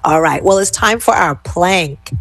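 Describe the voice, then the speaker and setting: A woman's voice: fairly low pitch, expressive, unhurried, slightly rough, dry recording. A middle-aged woman hosting a live show, chatting with enthusiasm and reading out viewer comments before leading a plank exercise. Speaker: host. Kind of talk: live show chat with fitness cueing.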